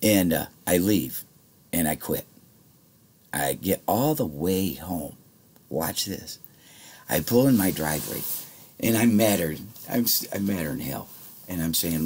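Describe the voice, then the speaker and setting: A man's voice: extremely low pitch, expressive, moderate pace, long pauses, a little mellow, a little hiss or hum. A man telling a rambling, heated story in casual speech, swearing freely. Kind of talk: casual spoken anecdote.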